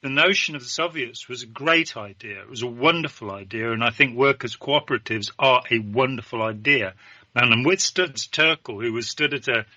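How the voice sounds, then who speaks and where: A man's voice: medium pitch, normal speed, bright, forceful tone, no room sound, highs cut off. A man talking as a guest in a political discussion, emphatic and opinionated.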